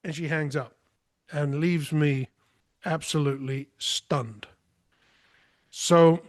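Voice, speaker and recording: A man's voice: fairly high pitch, no room sound. A man talking as a podcast guest, telling a story in a forthright, emphatic way. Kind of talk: casual storytelling.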